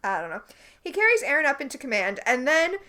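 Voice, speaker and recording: A woman's voice: high voice, fast talker. A woman co-hosting a podcast, animatedly recapping a TV episode in casual chat. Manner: animated, recaps scenes and quotes characters. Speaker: podcast co-host.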